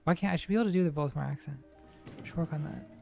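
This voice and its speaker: A woman's voice: sits low, very fast, vocal fry, warm tone, soft background music. A woman streamer giving casual gaming commentary, rambling with ironic, self-mocking jokes.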